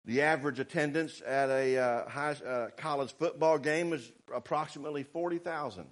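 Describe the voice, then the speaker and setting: Fervent high-voiced male preacher. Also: normal speed. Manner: fervent, rising to shouts, then quiet and sarcastic. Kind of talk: sermon.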